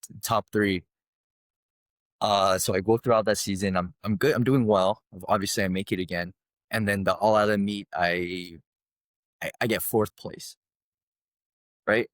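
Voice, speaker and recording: A man guest on a podcast telling a personal story in a casual, animated way, often adding "right?". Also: on the low side, a little slow, pauses often, dry recording, studio quality.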